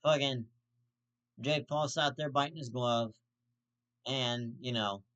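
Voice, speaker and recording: A man's voice: mid-range voice, takes it slowly, a bit bright, highs cut off. A man hosting his own vlog, ranting heatedly with heavy swearing and repeated restarts. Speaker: host of a commentary vlog. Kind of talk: profane ranting commentary.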